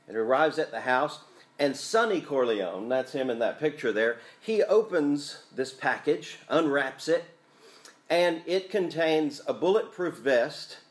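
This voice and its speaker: Conversational male pastor preaching. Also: medium pitch. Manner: conversational, thoughtful, with fillers. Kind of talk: sermon.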